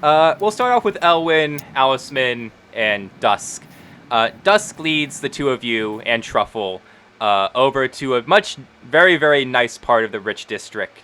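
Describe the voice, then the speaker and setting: A man's voice: mid-range voice, expressive, a little slow, bright, forceful tone, clear, resonant tone. A man narrating as game master in a tabletop role-play, casual and loose with many fillers. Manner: casual, with many ums and likes.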